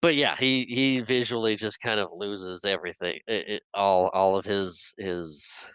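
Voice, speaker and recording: A man's voice: fairly low pitch, fairly even intonation, measured pace, sharp tone, clean tone, no echo, low-quality recording. A man co-hosting a podcast, rambling through a casual film recap and laughing often. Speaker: podcast co-host.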